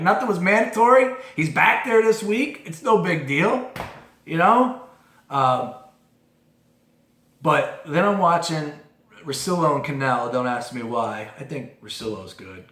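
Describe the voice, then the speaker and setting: A man's voice: medium pitch, a bit bright. Opinionated man ranting about sports. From moved to Philadelphia as an adult. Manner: opinionated, fired-up, lots of repeats and asides. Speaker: podcast host. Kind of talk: casual sports talk monologue. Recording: roomy echo.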